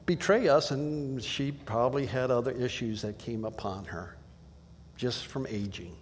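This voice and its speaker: A man's voice: mid-range voice, a little slow, big-room sound, slight background noise. A male pastor giving a conversational sermon, telling stories in a plain way with asides to the listeners.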